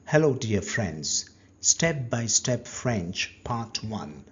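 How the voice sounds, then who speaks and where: A language teacher leads a lesson at an extremely slow, deliberate pace, leaving gaps for the learner to answer. His fairly low voice is husky and a little breathy, with big pitch swings, and the recording sounds dull and lo-fi.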